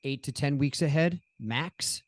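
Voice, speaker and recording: A man's voice: a little high, unhurried, no room sound, studio quality. A man co-hosting a casual podcast, laid-back and chummy. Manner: laid-back, calls people dude and man. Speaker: podcast co-host.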